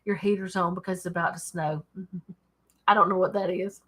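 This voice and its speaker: A woman's voice: on the low side, fairly even intonation, normal speed, fairly bright tone. A woman with a Southern US accent, reading scripture and chatting about it casually at her desk at home, digressing often and laughing. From Alabama, USA. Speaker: Bible study host. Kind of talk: casual Bible reading and commentary.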